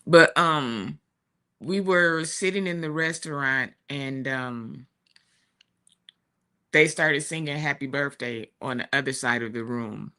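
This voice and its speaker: A woman's voice: very deep voice, slow. A woman in her forties on a talk show, telling a family story in a casual, chatty way. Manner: chatty, warm storytelling with laughs and asides. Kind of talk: casual chat. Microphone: streaming studio mic.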